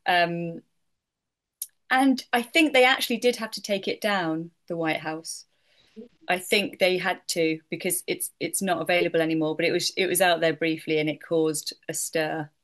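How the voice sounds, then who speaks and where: Middle-aged woman, voiceover pro, relaxed chatty interview talk, a bit low-pitched, laughs easily. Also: normal speed. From United Kingdom. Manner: chatty, laughs often, many fillers like "like". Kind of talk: casual interview answers.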